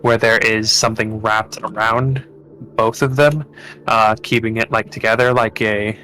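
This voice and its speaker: Halting, bright-voiced male game master. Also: lowish voice, steady tone, slight background noise. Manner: halting, full of fillers and restarts. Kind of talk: narrating a tabletop game.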